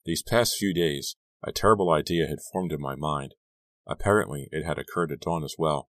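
A man with an exceptionally deep voice reads a horror audiobook in a measured, suspenseful manner. The sound is dry and close, with no room in it. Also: dry recording. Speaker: audiobook narrator. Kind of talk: dramatic audiobook reading.

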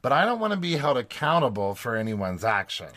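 Man, podcast host, casual recap chat, dry, steady, mid pitch. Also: brisk.

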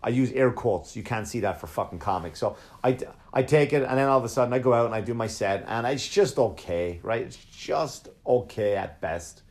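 Dude comedian rambling through a story, swearing a lot, average pitch, does little voices of people. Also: male voice, lively intonation, normal speed, darkish tone. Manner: profane, rambling, mimics others in quotes. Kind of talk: casual storytelling.

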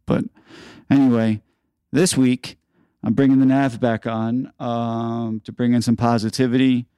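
A middle-aged man hosting a podcast, telling a story in a casual, halting way with lots of "uh" and "you know", and raising his voice when he acts out an argument. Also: mid-range voice, flat delivery, warm tone, clean tone, no echo, studio quality. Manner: conversational, frequent "uh" and "you know", acts out quoted exchanges with rising voice. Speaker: podcast host.

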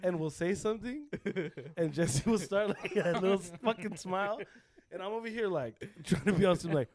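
A man's voice: high voice, lively intonation, a little fast, crowd noise. A man telling stories in a casual podcast chat, laughing often, swearing, and acting out what people said. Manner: laughing storyteller, acts out quotes, swears a lot. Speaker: podcast host; school sports coach.

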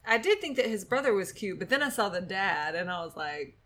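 A woman's voice: medium pitch, very animated, brisk, pushed and bright. A woman co-hosting a podcast, chatting casually and joking with frequent laughs. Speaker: podcast co-host. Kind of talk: casual chat recapping a dating show.

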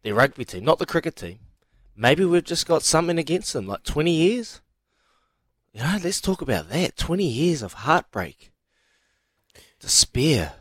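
Brief: New radio host, emphatic and halting, dry close sound. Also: male voice, a little high, sing-song, dry recording. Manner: emphatic, drawn-out, halting restarts. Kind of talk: sports radio talk.

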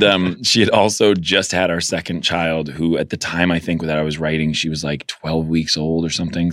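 Man, very low voice, animated storyteller, acts out quotes, dry studio sound. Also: no room sound. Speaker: guest filmmaker. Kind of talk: casual interview storytelling.

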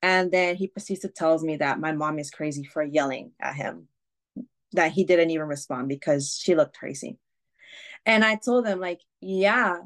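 A woman's voice: deep voice, normal speed. A woman guest on a podcast, telling a personal story candidly, with swearing, fillers and restarts. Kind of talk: casual storytelling.

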